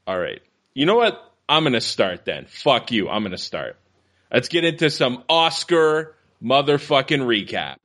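Brash, husky-voiced male podcast host. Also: medium pitch, sing-song, normal speed, a bit bright. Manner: brash, swears a lot, laughs often. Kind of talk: casual podcast chat.

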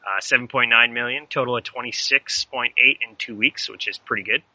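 Guy with a real bright sharp voice rattling off box office numbers, super dry mic. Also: mid-range voice, brisk, no echo, poor audio. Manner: reads figures in a relaxed, offhand way. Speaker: podcast co-host reading box office numbers. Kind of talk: casual chat.

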